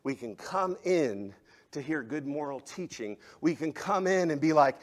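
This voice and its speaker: A male pastor preaching a sermon, swinging between loud, emphatic exhortation and hushed, soft passages. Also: fairly high pitch, expressive, measured pace.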